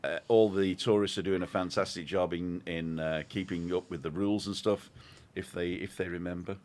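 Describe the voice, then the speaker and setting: A man's voice: sits low, fairly even intonation, moderate pace, a little mellow. A man co-hosting a casual live stream, chatting and greeting viewers by name. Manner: reads out viewer names cheerfully. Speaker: co-host.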